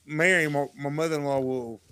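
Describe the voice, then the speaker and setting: A man with a drawl and a slightly high voice tells a story on a podcast, animated and laughing as he acts out each line. The sound is close and dry, with no room around it. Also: brisk, clean tone, dry recording. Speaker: podcast guest. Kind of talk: casual storytelling chat.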